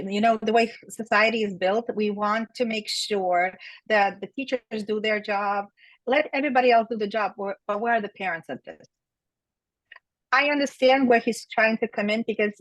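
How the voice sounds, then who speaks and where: A woman's voice: mid-range voice, dry recording, poor audio. Opinionated woman telling a story. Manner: opinionated storytelling, acts out quoted dialogue. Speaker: author and guest. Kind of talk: conversational interview.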